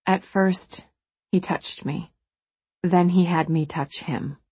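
A woman's voice: fairly low pitch, fairly even intonation, takes it slowly, husky, dry recording. Woman reading a wounded, steely woman confessing. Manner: quiet, steely.

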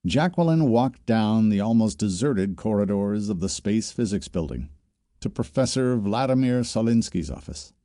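A male audiobook narrator with a low, mellow voice, reading in a steady, measured way. The sound is close and very dry. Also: no room sound. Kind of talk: scripted narration.

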